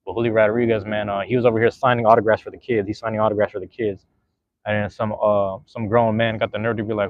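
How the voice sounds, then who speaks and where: Male podcast host, laid-back and slangy, a bit low-pitched, dry close sound. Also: flat delivery, fast, dry recording, lo-fi sound. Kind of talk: casual podcast chat.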